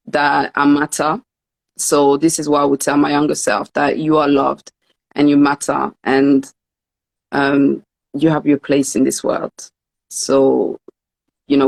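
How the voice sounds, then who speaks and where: A young woman, an author acting as host, conducts an emotional interview in a rumbling, gravelly low voice with a slightly mellow quality. She speaks earnestly, stammering and repeating words often, and translates her guest's French into English live.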